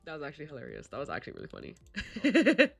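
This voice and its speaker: A woman's voice: deep voice, fast, vocal fry, faint music behind. A young woman streaming a game live, gushing over characters, reading lines aloud and joking. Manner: gushing, excitable, reads dialogue aloud and jokes.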